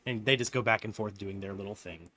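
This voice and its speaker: A man narrating as game master of a tabletop game, relaxed and often laughing. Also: fairly low pitch, quick pace.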